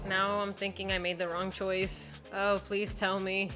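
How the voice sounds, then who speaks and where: A woman's voice: medium pitch, little pitch movement, a little slow, music in the background. Wry woman commenting on a game. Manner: wry, laughs often, talks back to characters. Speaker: gaming streamer. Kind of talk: casual gameplay commentary.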